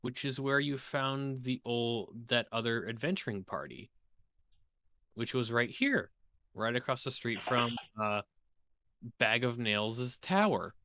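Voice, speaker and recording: A man running a tabletop game as dungeon master on a live stream, unhurried and halting, with frequent fillers. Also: medium pitch, lively intonation, bright, forceful tone.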